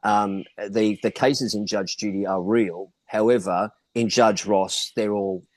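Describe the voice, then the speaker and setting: A man's voice: on the low side, fairly even intonation, a little slow, dry recording. An Australian man, an actor and guest, telling career stories in a casual, rambling way with many fillers and restarts. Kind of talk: casual interview storytelling.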